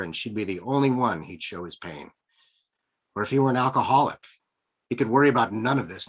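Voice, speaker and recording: A man, the author, reading his own novel aloud over a video call in measured, expressive narration. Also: on the low side, slightly rough. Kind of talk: live book reading.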